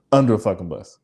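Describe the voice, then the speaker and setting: Lively-voiced man in candid podcast chat. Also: lowish voice. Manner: emotional, laughing, profane, confessional. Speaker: podcast co-host.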